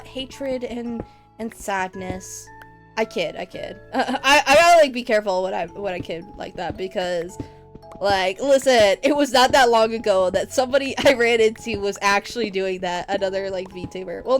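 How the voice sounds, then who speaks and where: A woman streaming a game, chatting casually with viewers in a rambling, goofy, giggly way. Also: fairly high pitch. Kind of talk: casual live-stream chat while gaming.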